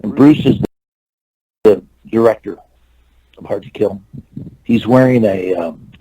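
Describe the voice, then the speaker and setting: An older man who works as an actor and stuntman tells long, rambling anecdotes in a casual interview, restarting often and acting out what the people in them said. His voice is fairly low and a little slow, with background noise behind it.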